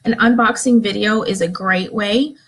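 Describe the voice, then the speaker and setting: Upbeat encouraging woman, slightly husky. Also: medium pitch, moderate pace, low-quality recording. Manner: upbeat, encouraging, acts out excited examples. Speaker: direct sales team leader. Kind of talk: live video training talk. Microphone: phone or webcam, live stream.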